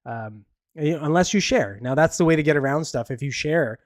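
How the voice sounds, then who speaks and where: He hosts a podcast on his own, his voice on the high side, expressive and a little fast. His casual, chatty take on the news is opinionated and rambling, packed with fillers and restarts. The audio is clean studio sound with a dry recording.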